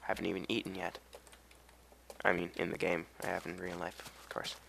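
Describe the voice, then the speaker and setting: Tired young guy rambling over his game, low gravelly voice, keys clicking faintly. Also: completely flat delivery, moderate pace, fairly bright tone, slight background noise. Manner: rambling, self-deprecating, chatty asides. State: tired, voice cracking. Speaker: let's play gamer. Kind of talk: casual game commentary.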